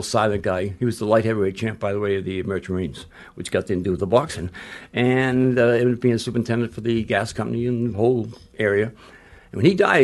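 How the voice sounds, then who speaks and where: A man's voice: lowish voice, a little mellow. An older man, a retired basketball coach, telling stories in a casual interview, blunt and rambling, with frequent restarts and salty language.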